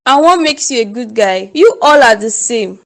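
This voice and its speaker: A woman's voice: on the high side, animated, moderate pace, gravelly. A woman with a Nigerian English accent voicing a heartbroken young woman, guarded and firm.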